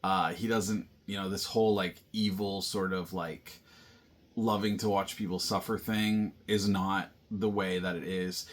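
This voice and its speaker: A man's voice: deep voice, level tone, a little slow. A man casually recapping and reviewing a film, rambling with lots of fillers and restarts. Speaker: movie review host.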